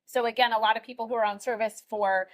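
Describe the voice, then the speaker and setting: Woman explaining nutrition, somewhat high voice. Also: steady tone, quick pace. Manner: clear, explanatory, with fillers. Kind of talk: explaining nutrition in a cooking demo.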